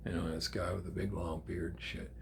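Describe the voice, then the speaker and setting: A man's voice: low-pitched, brisk, gravelly, a little hiss or hum. Older man telling a story. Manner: animated, swearing, acts out quotes. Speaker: channel host. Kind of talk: casual storytelling.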